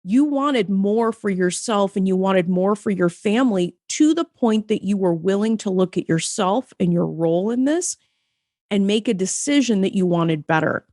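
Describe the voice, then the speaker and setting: A woman's voice: medium pitch, expressive, moderate pace, a little mellow, no room sound, clean studio sound. An American woman with a nasal voice, hosting a podcast interview and talking emphatically and encouragingly. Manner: emphatic and encouraging, with casual swearing. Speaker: podcast host.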